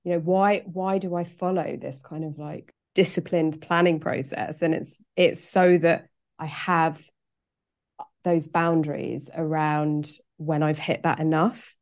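A woman's voice: deep voice, flat delivery, unhurried, darkish tone. A woman who works as a coach, co-hosting a casual chat and talking in an earnest, reflective way. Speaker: coach and podcast co-host.

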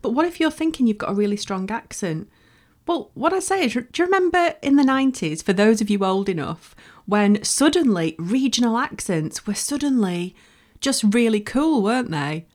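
This is a solo podcast advice talk from a woman in Bolton, northwest England, whose Northern English accent is Lancashire. Pitched on the high side and animated at a moderate pace, she encourages listeners frankly and emphatically.

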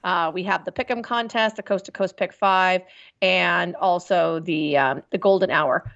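A woman's voice: fairly low pitch, normal speed, creaky, a bit bright. Bubbly woman co-host over a dull call. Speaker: racing podcast co-host. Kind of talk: casual chat. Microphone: video call.

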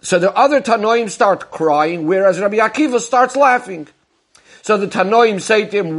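High-voiced man teaching a Talmudic lesson. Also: animated, normal speed. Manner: methodical, asks then answers questions; retells stories step by step. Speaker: Torah teacher. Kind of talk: explaining a Talmudic discourse.

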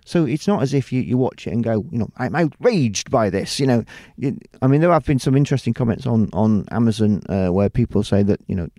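Talking fast with hardly any pauses, a middle-aged UK TV presenter and producer has a mellow, mid-range voice. In a casual interview he rambles, with many restarts and "you know"s, recorded at studio quality with no echo.

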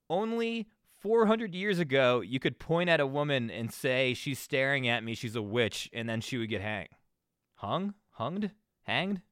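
A man's voice: mid-range voice, fairly bright tone, clean tone, no room sound, studio quality. A man hosting a solo podcast, rambling casually and swearing, often restarting and trailing off. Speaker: podcast host.

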